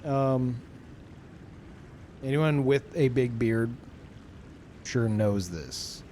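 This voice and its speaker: A young man streams a game and chats casually with viewers in a laid-back, profane, rambling way. His medium-pitched voice is warm and animated but extremely slow. Slight background noise is present.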